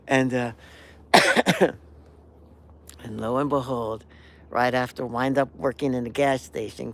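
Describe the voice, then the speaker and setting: An unhurried man in his sixties rambles through a personal story on a live stream, full of restarts and asides. He now and then sings a melody or acts out what someone said. A faint hum of noise sits under his voice. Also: mid-range voice, vocal fry. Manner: rambling, animated storytelling with sung melodies and acted-out quotes. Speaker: host.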